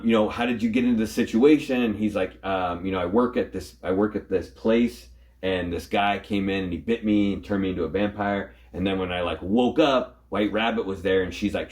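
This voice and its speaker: A man hosting a casual comic book chat, recapping a story in a rambling way and acting out the characters' lines in quick voices. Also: on the low side, a little mellow. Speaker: comic book show host.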